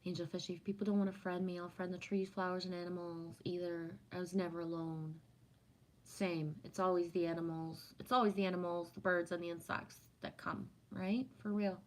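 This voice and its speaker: A woman with a fairly low, brisk voice and little pitch movement hosts a livestream, chatting casually and reading viewer comments aloud. Warm and affirming, she muses on spiritual topics, frequently tacking on "right?"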